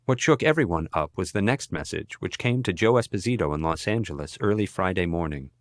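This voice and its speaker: A man narrating an audiobook in an even, measured reading style. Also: low voice, no echo. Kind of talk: scripted narration.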